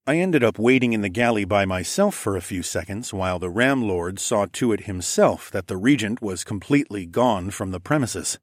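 Reading a first-person audiobook chapter, this male narrator sounds steady and expressive. His pitch sits fairly low, and the recording is dry with clean studio sound.

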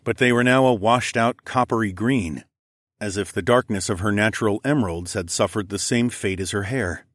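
A man narrating first-person fiction in a steady, measured storytelling way. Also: on the low side, dry recording, clean studio sound. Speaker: audiobook narrator.

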